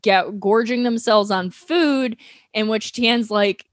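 A woman's voice: on the high side, dry recording. Laughing storytelling woman, dry sound. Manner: laughing, storytelling, acts out characters in quick asides. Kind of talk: casual comedic recap.

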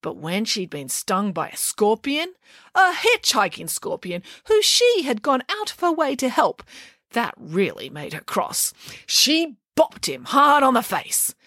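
A woman's voice: fairly high pitch, wildly swooping pitch, measured pace, fairly bright tone, dry recording, clean studio sound. A woman reading a children's storybook aloud, switching voices for each character. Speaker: audiobook narrator.

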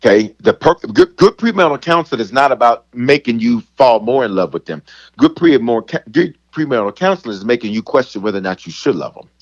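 Animated man preaching in casual talk. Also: medium pitch, fast talker, muffled recording. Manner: animated, preacherly, playful asides. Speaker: bishop and pastor.

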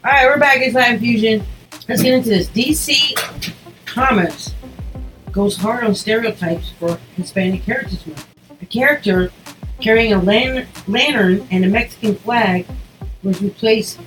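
A woman co-hosting a casual radio show, her voice a bit high and sitting slightly back from the mic. Faint music runs under her lines as she reads items aloud and laughs often. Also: moderate pace, a bit bright, distant mic, rough recording. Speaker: radio co-host.

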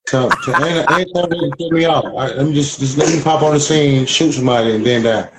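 Playful high-voiced young man joking. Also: fast talker, background noise. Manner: joking, playful, laughs a lot. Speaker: friend on a live stream. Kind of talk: casual group chat. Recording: echoey room with other voices.

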